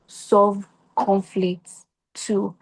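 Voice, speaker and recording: A woman's voice: medium pitch, flat delivery, drawn-out words, gravelly. A young adult woman with a Nigerian accent, a podcast guest giving earnest advice in casual conversation and posing rhetorical questions.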